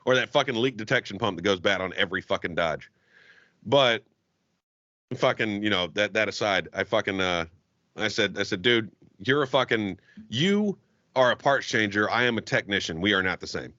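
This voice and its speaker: A man, an auto technician guest on a podcast, telling a story in casual chat with heavy swearing and animated ranting. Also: on the low side, no room sound. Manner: heavily profane, animated ranting. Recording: dull, dry lo-fi podcast audio.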